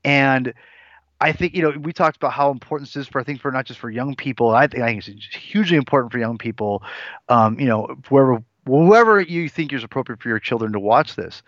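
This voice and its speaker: A man's voice: mid-range voice, a little fast, fairly bright tone, dry recording. A forty-year-old man co-hosting a casual podcast, speaking earnestly and circling back on himself with restarts. The sound is dull and lo-fi, with a dry, close feel. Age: 40s. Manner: earnest, rambling with frequent restarts. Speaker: podcast co-host.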